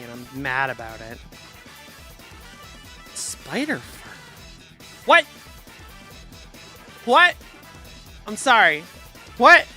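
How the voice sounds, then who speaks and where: Bright-voiced rambling woman streamer. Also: deep voice. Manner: rambling, jokey, quick to laugh at herself. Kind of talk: casual chat.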